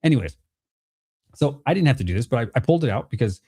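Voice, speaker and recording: A man's voice: medium pitch, animated, fast talker, warm tone, husky. A man, a father and card vendor, casually telling his viewers a haggling story, swearing freely and acting out both sides of the deal. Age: adult with a child. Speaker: card vendor and channel host.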